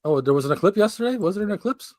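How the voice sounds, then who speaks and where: A man's voice: sits high, animated, racing, darkish tone, dry recording. A man hosting a casual live-streamed chat over a remote mic, swearing often and laughing, exasperated at glitches. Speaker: podcast host. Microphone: remote video-call stream mic.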